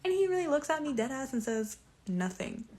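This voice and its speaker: A woman's voice: high voice, animated, quick pace, darkish tone. A young woman telling a cringe date story in an exasperated, mocking way. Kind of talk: storytime clip.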